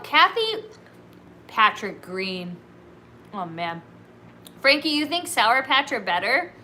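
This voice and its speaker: Brief: bright, bubbly woman from California chatting to her livestream. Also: mid-range voice, a little hiss or hum. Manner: bubbly, giggly, says "like" and "dude" a lot. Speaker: livestream host. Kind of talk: casual solo livestream chat.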